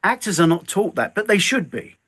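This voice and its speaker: With a husky, high-pitched voice and a fairly quick delivery, an older stuntman and filmmaker tells stories as an interview guest. He is animated and acts out the lines he quotes.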